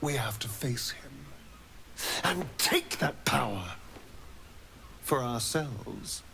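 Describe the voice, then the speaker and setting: A man's voice: medium pitch, expressive, takes it slowly, creaky, pushed and bright, slight background noise, full character voice. An actor playing a sly, arrogant young-looking male vampire spawn in a video game, with a smug, mocking, theatrical delivery. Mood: scheming.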